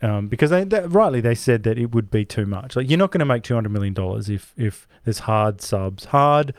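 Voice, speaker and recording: A man's voice: medium pitch, expressive, a little fast, no room sound, clean studio sound. A man co-hosting a casual film podcast, talking enthusiastically and rambling with frequent asides and swearing. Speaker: podcast co-host.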